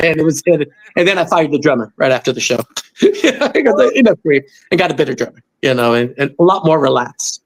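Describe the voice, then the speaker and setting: A middle-aged man from Los Angeles tells a long story as a guest on an interview show. His voice sits a little high for a man. He talks casually and acts out the voices of the people in his story. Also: fast talker, vocal fry. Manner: animated, acts out quoted voices. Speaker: musician guest.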